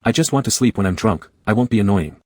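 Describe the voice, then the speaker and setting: A man voicing a lazy, slightly drunk young male classmate who drags his words out in a relaxed drawl. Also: fairly low pitch, quick pace, no room sound, studio quality. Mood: lazy tipsy.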